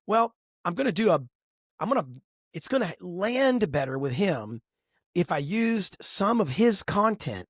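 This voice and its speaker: A middle-aged man talking with a husky, slightly breathy voice that swings up and down as he tells stories. His podcast delivery is animated and expressive, recorded close on a dry studio mic. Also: high-pitched, unhurried, no echo. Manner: animated storyteller, lively and expressive. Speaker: podcast co-host. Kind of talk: casual podcast conversation.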